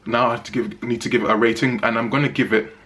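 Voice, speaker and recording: A man's voice: mid-range voice, little pitch movement, fast talker, a bit bright, a little hiss or hum. A man giving a casual spoken movie review, chatty and emphatic, repeating phrases for stress.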